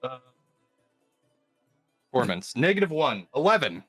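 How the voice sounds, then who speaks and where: A man taking part as a player in a tabletop game, with playful, quick asides. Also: mid-range voice, sing-song, fairly bright tone, slightly rough, soft background music. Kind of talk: casual tabletop play.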